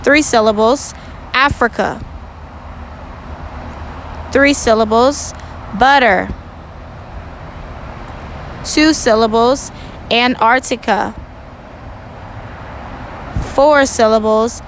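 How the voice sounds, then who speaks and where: A woman teaching first grade, giving a recorded lesson for parents and students in a slow, clear and instructive way, stressing words for young pupils. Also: fairly high pitch, a little hiss or hum, rough recording.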